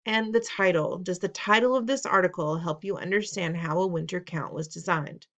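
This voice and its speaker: A woman with a fairly low, fairly bright voice speaks at a normal speed in a recorded test-prep lesson. She patiently walks students through reading test questions, repeating the steps, quizzing them, and teasing them playfully.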